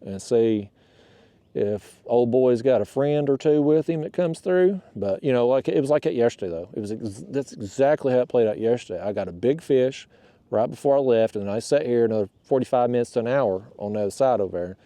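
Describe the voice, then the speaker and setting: Man, mellow voice, folksy kayak-fishing chatter, talks to the fish, outdoors on the water. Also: medium pitch, lively intonation, fairly quick, dry recording. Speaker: kayak fishing channel host. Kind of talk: casual on-the-water vlog talk. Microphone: camera mounted on the kayak.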